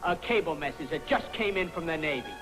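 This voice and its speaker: A jittery army clerk with a high, restless voice that keeps pleading and stammering. The delivery is 1950s film comedy, with faint music underneath. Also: male voice, animated, fairly quick, fairly bright tone, rough recording. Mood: anxious. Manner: anxious, whiny, stammering.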